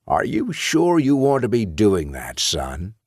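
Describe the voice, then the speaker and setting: A man voicing a cold, threatening male bank manager in a slow, hushed whisper. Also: lowish voice, huge pitch swings, dry recording, clean studio sound, exaggerated voice.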